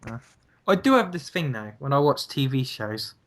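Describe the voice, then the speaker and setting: Talking over a voice call on a computer mic, this young podcast co-host rambles and hesitates as he thinks things through. His mid-range voice swings widely in pitch, with a moderate pace and a fairly bright tone.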